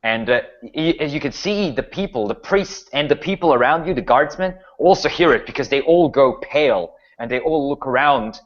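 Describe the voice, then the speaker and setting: A man's voice: mid-range voice, expressive, moderate pace, hardly any pauses. A man narrating a tabletop horror game as game master, loose and filler-heavy, on a slightly dull lo-fi recording.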